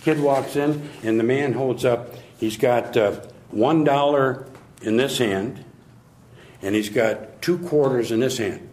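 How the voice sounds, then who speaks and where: An older man who works as a sales trainer tells funny stories to an audience, acting out the characters' voices. His medium-pitched voice is slow and a little mellow, recorded in an echoey room with faint noise.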